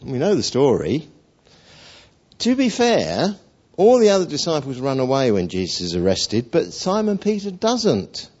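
Male preacher, storytelling sermon, husky voice, conversational. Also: mid-range voice, unhurried. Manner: animated, acts out voices of figures, conversational. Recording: dull lo-fi recording.

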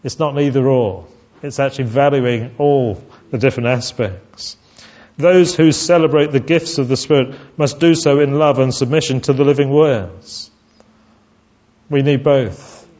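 An earnest man preaching a sermon, pitched at a middling level for a man. He falters and repeats words as he speaks. The recording sounds dull and lo-fi. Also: normal speed, mellow.

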